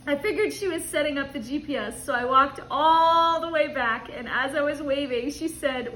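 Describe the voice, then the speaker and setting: A woman's voice: sits high, normal speed, pushed and bright, echoey room, a little hiss or hum. A woman reading a travel story aloud and breaking off with her own asides, laughing often as she goes. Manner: giggly, laughs often through her words.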